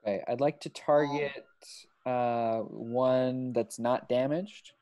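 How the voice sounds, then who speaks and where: A man playing a tabletop game, casual and halting, joking around. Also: medium pitch, steady tone, dark tone, highs cut off. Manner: halting, restarts, jokey. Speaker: player.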